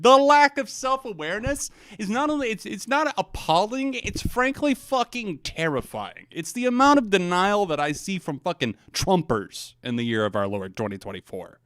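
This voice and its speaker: A man's voice: high voice, very animated, normal speed, few pauses, fairly bright tone, no room sound, studio quality. A man streaming live music reactions, tipsy from drinking, sarcastic and profane with theatrical outrage.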